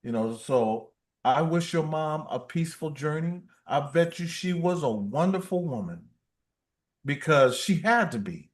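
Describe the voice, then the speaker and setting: A man's voice: a little high, animated, unhurried. A man hosting a casual livestream, playful and reading viewer comments aloud. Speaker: livestream host.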